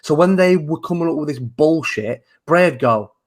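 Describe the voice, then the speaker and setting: This is a man in casual chat on a talk show. He talks in an animated, rambling way, swears freely and keeps restarting his sentences. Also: a little high, moderate pace. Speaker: co-host of a wrestling talk show.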